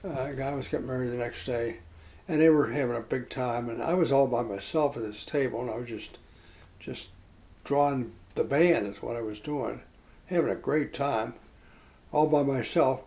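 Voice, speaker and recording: An older man with a gravelly, dark voice recalls his life in a reflective storytelling mode. He rambles and halts, with restarts and fillers scattered through his speech. His pitch sits in a middling range for a man. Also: normal speed, poor audio. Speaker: interviewee.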